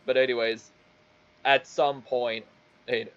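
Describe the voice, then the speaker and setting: A man's voice: mid-range voice, level tone, slow pace, fairly bright tone, clean tone, muffled recording. A man casually telling a rambling, stumbling story, swearing often as he goes. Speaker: streamer.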